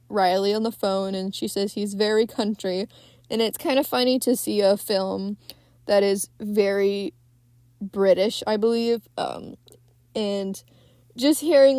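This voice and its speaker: A woman's voice: medium pitch, darkish tone, dry recording, studio quality. A young woman hosting a podcast, recapping a film in a rambling, casual way with lots of fillers and swearing. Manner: rambling, many fillers, swears freely, frequent laughs. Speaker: podcast host.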